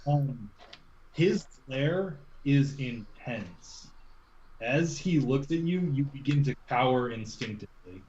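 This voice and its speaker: A man narrating as game master of a tabletop game over a voice call, relaxed and casual. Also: medium pitch, slow pace, echoey room, lo-fi sound.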